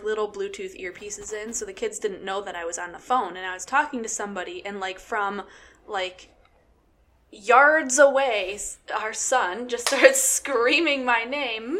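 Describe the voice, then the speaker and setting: A woman's voice: medium pitch, measured pace, sharp tone, slight background noise. A woman co-hosting a casual podcast, telling a family anecdote while laughing along. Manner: laughing storyteller, amused. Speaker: podcast co-host. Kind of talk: casual chat.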